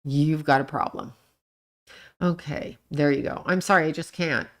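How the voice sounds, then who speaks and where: A middle-aged woman with a deep voice hosts a casual livestream at normal speed. Reading the chat, she answers comments and talks back to them, ranting bluntly and swearing plenty at the people she discusses.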